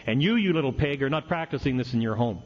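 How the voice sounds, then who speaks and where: A man's voice: mid-range voice, expressive, fast, close to an everyday voice. A man doing a blunt old AA old-timer. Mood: lecturing. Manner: blunt, lecturing, bossy. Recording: dull lo-fi recording with faint hiss.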